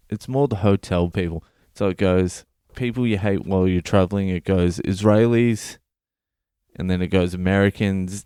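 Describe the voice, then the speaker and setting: A man's voice: deep voice, a little mellow, clear, resonant tone, no room sound, clean studio sound. An Australian man in his thirties, a comedian hosting his own podcast, delivering a profane, ranting comedic monologue.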